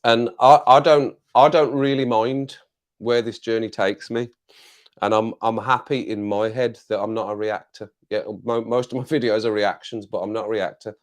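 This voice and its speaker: A man's voice: on the low side, fairly even intonation, moderate pace. An English man hosting a casual live stream, chatting to viewers in a rambling way, repeating phrases and laughing often.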